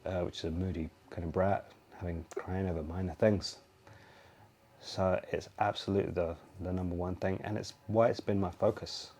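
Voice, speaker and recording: Man, podcast guest, low mellow voice, steady explaining. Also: normal speed. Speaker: guest, screen-time expert. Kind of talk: casual podcast conversation.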